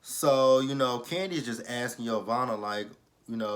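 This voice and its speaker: Animated, profane man recapping reality TV. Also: moderate pace. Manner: animated, profane, re-enacts quotes with swings in pitch. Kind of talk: casual opinionated recap.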